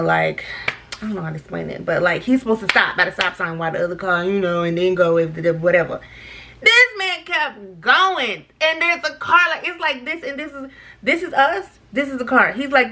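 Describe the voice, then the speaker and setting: A young woman vlogger telling a story while she does her makeup, animated, laughing often and talking straight to her viewers. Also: a little high. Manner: animated, laughing, talks to viewers as girl and y'all.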